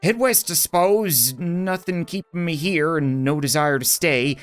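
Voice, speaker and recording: A man voicing a bitter, weary young woman rancher from a game, speaking low and slow with halting stammers. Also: soft background music, natural voice. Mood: bitter, grieving. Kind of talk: reading game dialogue aloud.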